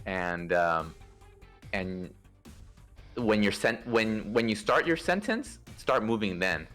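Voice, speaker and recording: A man's voice: on the low side, slow pace, faint music behind. A man casually organizing a space game play-test, explaining maneuvers with fillers and restarts. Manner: instructive, relaxed, many fillers and restarts. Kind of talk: casual game coordination over voice chat.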